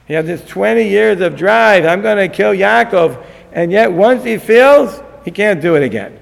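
A man teaching a lecture on a Torah text, animated and acting out the figures in the story. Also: sits high, normal speed, creaky. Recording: long hall reverb.

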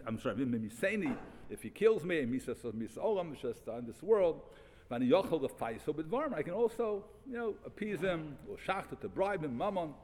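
A man teaching a Talmud class, reading passages and restating them in animated, repeated phrases. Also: fairly high pitch, in a large hall, slight background noise. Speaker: Torah teacher.

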